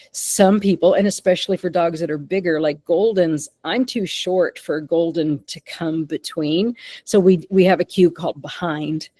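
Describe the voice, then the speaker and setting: A woman dog trainer runs a webinar in an animated teaching voice. Her voice sits low for a woman and sounds dry, with no room around it. She keeps checking in with her listeners as she explains. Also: no echo. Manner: animated, often checks in with "okay?" and "right?". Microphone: remote call microphone.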